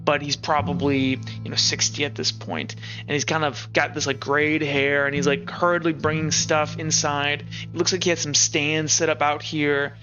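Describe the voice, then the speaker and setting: A man's voice: fairly high pitch, steady tone, normal speed, hardly any pauses, sharp tone, highs cut off, faint music behind. A man narrating as game master of a tabletop game in a casual, rambling way.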